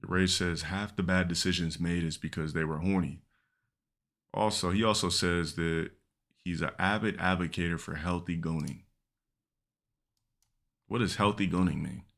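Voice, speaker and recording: A man's voice: low-pitched, steady tone, normal speed, long pauses, a bit bright. A male streamer chatting casually and bluntly, reacting crudely to clips. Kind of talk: casual livestream chat.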